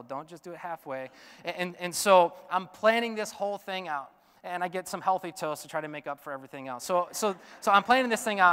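An animated male pastor tells a story to his congregation in a casual, filler-heavy way. His voice is high, bright and crisp. It rings out with a long reverb from a church sanctuary. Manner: animated, chatty, many fillers. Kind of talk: storytelling sermon.

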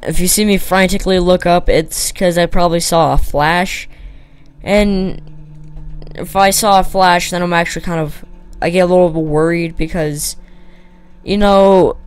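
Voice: medium pitch, measured pace, clean tone, no room sound. A gamer giving casual, rambling commentary while building in a block game, with lots of fillers and self-talk. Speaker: Minecraft let's player.

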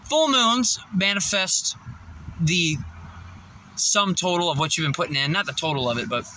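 A man's voice: high-pitched, expressive, normal speed, pushed and bright, a little hiss or hum, low-quality recording. A man telling a rambling, profane story in a casual vlog, out of breath and laughing often. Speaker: vlogger.

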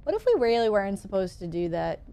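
Excitable young woman gushing over a game. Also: medium pitch, quick pace, clean tone. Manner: excitable, gushing and easily startled. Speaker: gaming streamer. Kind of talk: casual let's-play commentary.

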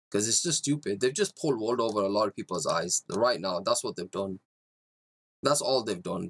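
A man's voice: mid-range voice, fairly bright tone. A man hosting a fan livestream, ranting bluntly and profanely while reading viewer comments. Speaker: fan channel host.

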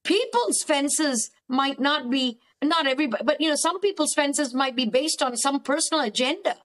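A woman with a high voice, talking as a therapist guest on a faith-based podcast. She speaks earnestly and with emphasis, circling back and repeating words to drive a point home. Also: animated, normal speed, a bit bright. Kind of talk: faith-based counselling conversation.

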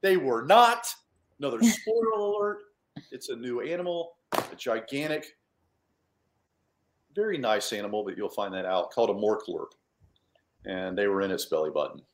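A man's voice: medium pitch, expressive, normal speed, pauses often, reverberant. A man, a children's author and illustrator, talking casually and self-deprecatingly at a storytime. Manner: chatty, self-deprecating, rambling.

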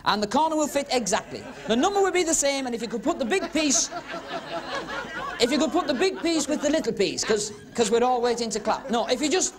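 A man's voice: very high voice, animated. Cheeky magician teasing his volunteers. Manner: cheeky, teasing banter, quick asides. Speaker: stage magician and comic host. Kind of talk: comic magic patter with audience volunteers. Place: club stage before a live audience. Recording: 1970s TV broadcast with crowd laughter and hiss. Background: audience laughing and murmuring.

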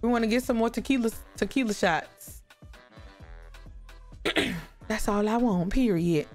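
A woman giving lively, chatty commentary on a life-sim game, talking to her viewers. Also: a little high, unhurried, soft background music. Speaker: gaming YouTuber. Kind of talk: casual gameplay commentary.

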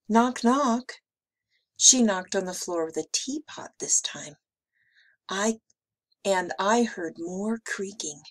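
A woman teacher reading a picture book aloud with slow, expressive delivery. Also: fairly low pitch, breathy edge.

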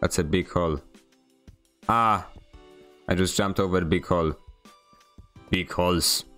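A man's voice: deep voice, steady tone, unhurried, a bit bright, faint music behind. A man from Poland with a Polish accent, streaming a game and chatting with viewers in a rambling, self-deprecating way. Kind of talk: casual gameplay stream commentary.

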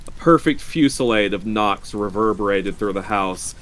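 Storyteller, lowish male voice, measured horror reading, stream host. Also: fairly bright tone.

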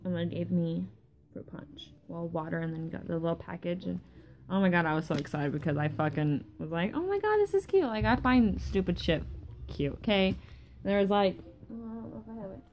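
Tired from lack of sleep, a young woman vlogs in a rambling, casual way, cursing often and losing her thread. Her voice is lowish and darkish in tone, fairly even and fairly quick, with slight background hiss or hum.

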